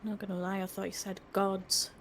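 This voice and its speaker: A woman's voice: medium pitch, flat delivery, normal speed, slight background noise. A woman playing in a tabletop game, chatting casually in a blunt, teasing way. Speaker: player.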